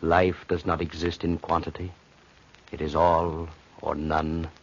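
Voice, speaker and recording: An actor playing a commanding physician and mesmerist who speaks with calm authority and a husky voice in a 1940s radio play, on a dull old broadcast recording. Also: male voice, a bass voice, full character voice. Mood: hypnotic. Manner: authoritative, slow and hypnotic when inducing trance.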